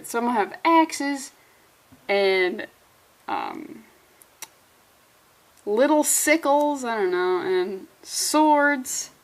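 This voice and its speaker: A woman casually reviewing a comic book, excitable and rambling, with swearing and jokey asides. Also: on the high side.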